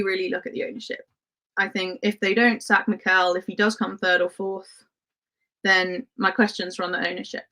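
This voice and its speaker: A woman's voice: mid-range voice, a bit bright. A woman who grew up in Spain hosts a casual livestream, reading viewer comments in a chatty way and laughing often, with lots of "um" and "like". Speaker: livestream host.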